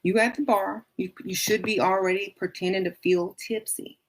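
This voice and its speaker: A woman hosting a casual advice talk, blunt and playful, speaking colloquially and now and then slipping into a sweeter, higher voice to show how it's done. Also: fairly even intonation, moderate pace. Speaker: dating and self-worth advice host.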